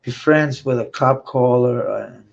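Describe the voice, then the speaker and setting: A man's voice: mid-range voice, unhurried, vocal fry. A man rambling through a profane personal monologue, swearing often and laughing between thoughts. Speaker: vlogger. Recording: dull lo-fi recording.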